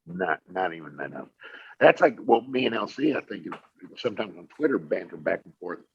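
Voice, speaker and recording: A man's voice: low-pitched, sing-song, a little fast, gravelly, slightly rough. A middle-aged man co-hosting a podcast, talking in a blunt, profane way and often restarting his sentences. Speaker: podcast co-host. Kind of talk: casual chat. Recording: slightly dull lo-fi sound.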